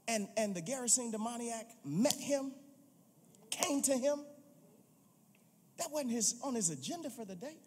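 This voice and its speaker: A male pastor preaching a sermon, telling the story with animated, playful asides and building to emphatic calls. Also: extremely high pitch, slight background noise. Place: church sanctuary. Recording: long reverb in a large sanctuary.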